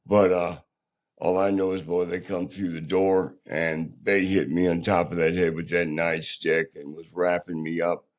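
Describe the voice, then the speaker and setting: An older man, a podcast guest, telling his own story candidly in a plainspoken, halting, rough-edged way. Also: deep voice, flat delivery.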